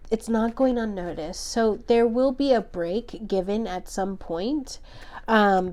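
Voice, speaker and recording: A woman giving a pick-a-card tarot reading, gentle and emotional, rambling with many fillers, her voice slightly worn. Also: medium pitch. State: losing her voice a little. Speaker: tarot reader.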